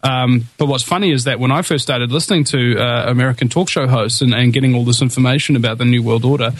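A man's voice: mid-range voice, fairly even intonation, quick pace. A man from New Zealand hosting a political talk radio show, speaking in an impassioned, rallying way with many restarts and fillers.

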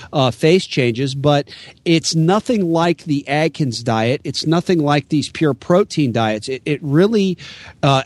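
A man's voice: medium pitch, no room sound. A man from the United States, a guest author and radio host, explaining his views earnestly with many fillers and restarts. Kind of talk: casual interview talk.

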